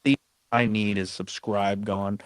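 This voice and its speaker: A man's voice: on the low side, moderate pace, no echo. A man co-hosting a casual live audio chat, joking in loose slang.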